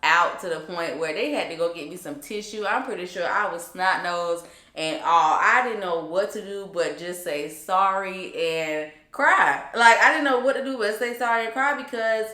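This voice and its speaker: Young woman, casual storytime, chatty, emphatic, slightly low, bright voice. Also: normal speed. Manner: chatty, emphatic, full of fillers. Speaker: vlogger. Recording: roomy echo.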